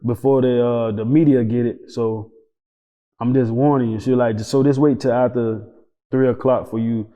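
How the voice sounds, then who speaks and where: Male interview guest, lively storyteller who acts out every line of dialogue, cusses often; reverby room. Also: medium pitch, normal speed. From Tampa, Florida. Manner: animated, acts out dialogue, swears freely. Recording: roomy reverb, dull lo-fi sound.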